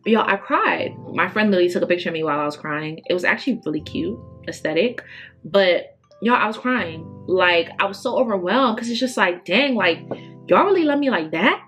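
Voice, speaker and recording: A woman's voice: fairly low pitch, brisk, a bit bright, faint music behind. A woman in her early twenties chatting casually to camera as a beauty vlogger, emphatic and full of fillers. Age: 20s.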